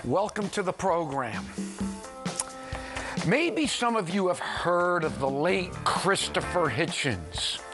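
A man with a New York accent hosting a program, talking in a chatty, animated monologue with exclamations and self-deprecating asides. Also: high-pitched, slow, music in the background. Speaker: program host. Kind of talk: casual radio-style monologue.

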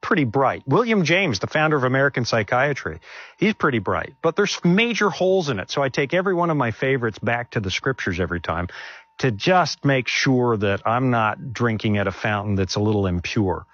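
A man's voice: medium pitch, expressive, a little fast, fairly bright tone, no room sound, dull audio. A man speaking as a guest in an onstage question-and-answer, sharing his testimony in an earnest, conversational way with frequent restarts.

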